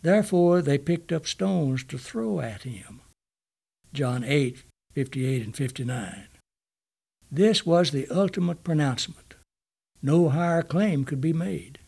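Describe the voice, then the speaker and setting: A man with a slightly raised voice reads a Bible study passage at an unhurried pace. His delivery is measured and deliberate, and he stops to give each scripture reference. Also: a little high, animated, creaky, darkish tone, breathy edge.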